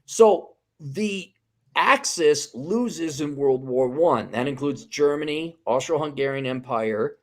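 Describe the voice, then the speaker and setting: A man's voice: on the high side, takes it slowly. A man hosting a casual podcast chat, ranting heatedly with swearing and frequent restarts. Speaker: podcast host.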